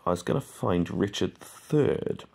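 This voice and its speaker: A man giving an informal, rambling lesson on poetry, with many fillers, who reads verse aloud slowly. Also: deep voice, lively intonation, creaky, darkish tone, breathy edge. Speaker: poetry teacher.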